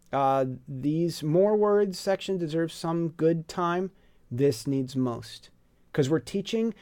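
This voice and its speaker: Casual male teacher, slightly higher voice, rambling and relaxed, thinks out loud. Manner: chatty and digressive, lots of fillers, musing asides. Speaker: teacher presenting a reading curriculum. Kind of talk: casual walkthrough lesson.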